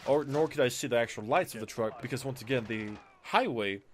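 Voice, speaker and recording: A man's voice: medium pitch, a little fast, slight background noise. A man casually telling a personal story to his viewers, acting out what people said and using lots of fillers. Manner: animated retelling, acts out quoted lines, frequent fillers.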